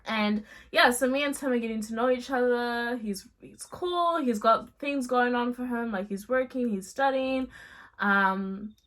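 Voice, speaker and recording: A young adult woman vlogger casually telling a storytime tale, chatty and animated, with slangy asides. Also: on the high side, measured pace.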